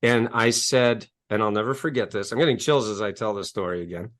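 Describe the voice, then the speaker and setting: A man's voice: fairly low pitch, a little fast, fairly bright tone. A man, a guest telling a personal story in a conversational interview, earnest and emphatic, often repeating his words. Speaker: guest, coach and author.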